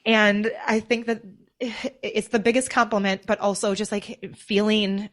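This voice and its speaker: A woman's voice: medium pitch, little pitch movement, measured pace, fairly bright tone. Earnest, teary woman guest. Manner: earnest, heartfelt, emotional storytelling. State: tearing up. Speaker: podcast guest, mother. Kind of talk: conversational interview.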